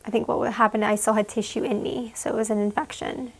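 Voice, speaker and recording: A young woman giving an emotional personal account in an interview, halting and full of "like"s. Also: fairly high pitch, level tone, breathy edge. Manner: halting, fillers, many "like"s.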